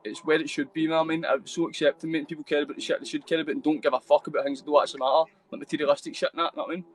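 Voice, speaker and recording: On poor audio, a young Scottish guest talks rapid-fire in a highish voice with little pitch movement. Joining a live video call for a casual storytelling interview, he rambles, swears freely and keeps saying mate and bro, his Scottish accent clear throughout.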